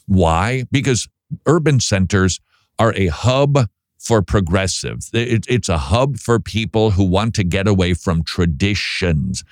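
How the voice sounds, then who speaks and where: A man with a Minnesota accent talks on his radio show, rambling and joking as he hunts for the right word. His voice sits fairly low. The studio sound is dry and close. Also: animated, measured pace, dry recording. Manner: rambling, jokey, searches aloud for words. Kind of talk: casual radio talk.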